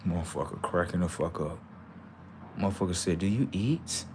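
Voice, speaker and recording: A man playing a spacey, detached oddball who talks about "human beings" in a calm, low, matter-of-fact murmur. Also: normal speed, background noise, lightly acted. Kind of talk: comedy skit character.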